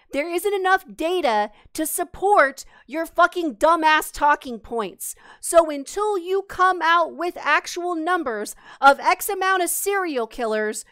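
A woman's voice: very high-pitched, lively intonation, unhurried, few pauses, fairly bright tone. A woman streamer venting angrily and profanely to her live chat, exasperated and swearing. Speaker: streamer host. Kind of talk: heated live-stream rant.

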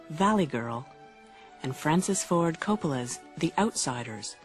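A narrator reading scripted documentary narration in an even, polished delivery. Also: mid-range voice.

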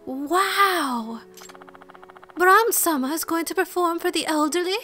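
A woman voicing excited young female fans questioning a celebrity in a video game. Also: very high voice, slow pace, a little hiss or hum, voice pushed up, full character voice. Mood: eager.

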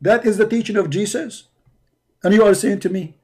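High-pitched man, mocking reaction commentary. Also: moderate pace, warm tone. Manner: mocking, sarcastic. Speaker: host. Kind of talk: reaction commentary on a debate clip.

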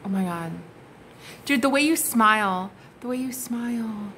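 A woman with a slightly high, fairly bright voice speaks at an unhurried pace, with a faint hiss or hum in the audio. She's a tarot reader giving her viewers a casual, gushing reading, exclaiming and swearing freely as she turns over the cards.

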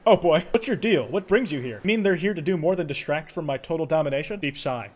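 Young male gaming commentator, fast and sarcastic, slightly high voice, faint game music underneath. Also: expressive. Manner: sarcastic, jokey, fast banter with sudden loud outbursts. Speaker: gaming YouTuber. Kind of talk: comedic game commentary, reading dialogue aloud.

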